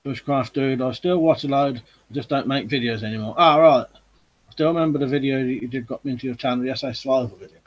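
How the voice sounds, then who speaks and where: A man's voice: mid-range voice, fast. A man hosting a live chat stream, casually reading out viewer comments and answering them.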